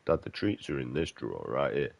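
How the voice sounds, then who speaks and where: A man voicing his sulky male pet dog, grumbling flatly and petulantly. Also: rumbling low, a little fast, creaky, no echo, full character voice. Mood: insistent.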